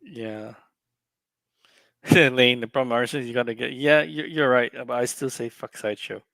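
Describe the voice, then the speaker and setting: Man, gravelly voice, dry close sound, casual profane ranting, exasperated. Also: mid-range voice, normal speed, a bit bright, dry recording. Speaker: co-host of a collectibles stream.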